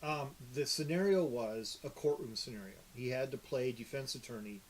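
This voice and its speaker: A man's voice: medium pitch, moderate pace, slight background noise. A man from the upper Midwest chatting casually as a podcast co-host, rambling and full of fillers. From upper Midwest United States. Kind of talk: casual chat.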